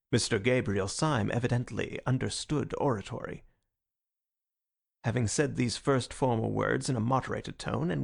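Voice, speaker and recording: Gravelly male audiobook narrator. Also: medium pitch. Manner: measured storytelling. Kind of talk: scripted narration.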